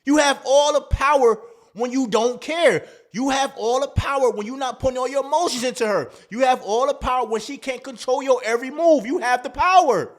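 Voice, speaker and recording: A man's voice: very high voice, fairly quick. A man hosting a dating advice talk, in a casual, slangy monologue that acts out quoted lines.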